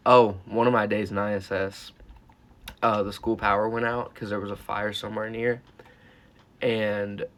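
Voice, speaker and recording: A man's voice: on the low side, fairly bright tone. Rambling, foul-mouthed teen guy. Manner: rambling, profane, full of "like" and "uh". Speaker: YouTuber. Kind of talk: casual storytime vlog.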